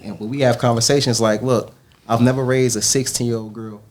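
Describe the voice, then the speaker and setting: A man hosting a podcast, telling earnest, animated stories about raising his kids in casual chat. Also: mid-range voice, brisk. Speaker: podcast host.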